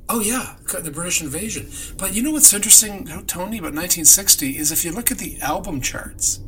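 A man from Canada co-hosting a casual chat about music history, enthusiastic and quick to laugh. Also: sits high, lively intonation, sharp tone, a little hiss or hum, rough recording. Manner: enthusiastic, storytelling, laughs often. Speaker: co-host.

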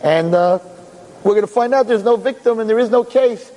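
A man voicing a slick, smug, high-priced defense lawyer who mocks witnesses with needling questions. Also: normal speed, mellow, close to an everyday voice, rough recording. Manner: needling, mocking cross-examination.

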